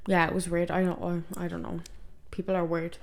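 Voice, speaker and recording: A woman's voice: lowish voice, little pitch movement, a little fast, vocal fry. Laid-back young Irish woman, wry. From Ireland. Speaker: podcast co-host. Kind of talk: casual chat.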